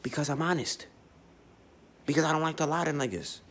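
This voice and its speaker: A man's voice: on the high side, a little fast, a bit bright, a little hiss or hum. A man giving a blunt, profane, unscripted astrology monologue, speaking emphatically and often restarting his sentences. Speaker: astrology vlogger.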